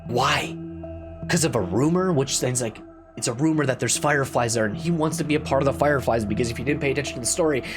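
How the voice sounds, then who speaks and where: A man talks through a video game in a loose, rambling review, tripping over restarts and dropping curses. His voice sits at an ordinary middle pitch, with faint music running underneath. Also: racing. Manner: rambling, repetitive, with restarts and swearing; exasperated, rising into loud complaint. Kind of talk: casual spoken review.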